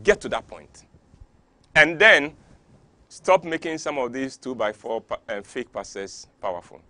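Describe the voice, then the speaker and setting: A man's voice: medium pitch, sing-song, measured pace, bright, forceful tone, no room sound. Fired-up Ghanaian man preaching. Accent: Ghanaian English. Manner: preachy, fires off rhetorical questions; gets worked up. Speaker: talk show host. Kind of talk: impassioned talk show monologue.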